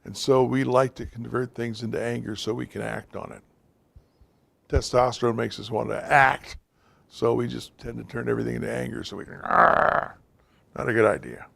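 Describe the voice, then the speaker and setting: A man's voice: medium pitch, little pitch movement, fairly quick, creaky. A man giving an informal, direct talk to a class of men, speaking to them plainly as guys and fellas. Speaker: teacher of a men's class.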